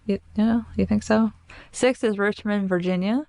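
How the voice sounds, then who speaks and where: A woman with a Kentucky accent chatting as a podcast co-host. She giggles through her lines and keeps them light. Her voice sits at a middle pitch and sounds dry, close to the mic. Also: fairly even intonation, moderate pace, gravelly, dark tone, no echo. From United States. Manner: giggly, laughs often. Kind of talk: casual chat.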